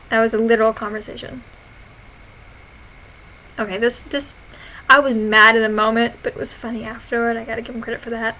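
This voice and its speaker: A young woman reads her own old posts aloud in a loose, casual vlog. She giggles often, swears freely and retells her stories with plenty of animation. Her voice is fairly high and very bright. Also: level tone, brisk, long pauses, rough recording. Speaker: vlogger.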